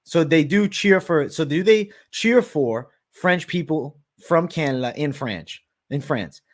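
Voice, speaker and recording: A brash man hosts a live stream, answering viewer questions in loose, casual chat. His voice sits a bit high for a man, and he swears freely and keeps calling people "bro.". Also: expressive, unhurried. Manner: profane, brash, peppered with "bro". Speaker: host of a live betting show.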